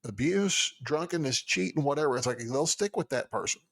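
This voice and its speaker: Halting man thinking aloud in chat. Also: mid-range voice, expressive, a bit bright, dry recording. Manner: halting, restarts a lot while thinking aloud. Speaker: podcast co-host. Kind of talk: casual chat.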